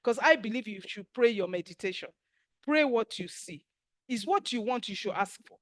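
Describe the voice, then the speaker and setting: A middle-aged Nigerian woman with a Nigerian accent, leading a spiritual teaching class, telling stories with acted quotes in an animated, emphatic way. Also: a little high, moderate pace, dry recording, clean studio sound.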